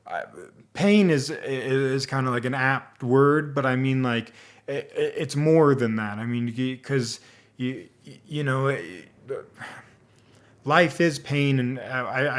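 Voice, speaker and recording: A man vlogging a casual movie review, rambling and animated, with a lot of restarts. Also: mid-range voice. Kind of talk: casual one-take commentary.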